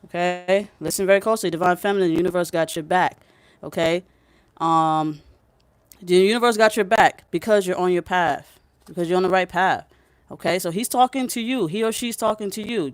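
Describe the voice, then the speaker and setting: A woman with a smooth, clear voice, recorded close and dry, giving spiritual guidance in a casual vlog. She is emphatic and blunt, swears freely, and keeps checking in with the listener. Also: medium pitch, no room sound. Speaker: spiritual reader.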